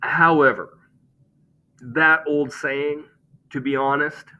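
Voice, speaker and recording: A man's voice: on the low side, sharp tone, dull audio, slight background noise. A man teaching a grammar lesson, explaining step by step and checking in with "okay?".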